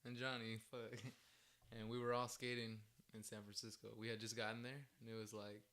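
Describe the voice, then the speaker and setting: A man's voice: mid-range voice, level tone, moderate pace, bright, forceful tone. A young man telling a story in a casual podcast chat, rambling with lots of "like" and frequent laughter. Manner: rambling, heavy use of "like", laughs often.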